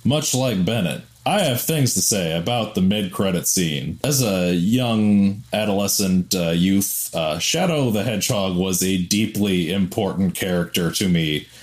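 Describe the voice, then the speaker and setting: A man's voice: low voice, a little slow, hardly any pauses. Young male co-host, casual and profane, eager fan energy. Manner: excited, profane, self-deprecating. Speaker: podcast co-host. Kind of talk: casual film chat.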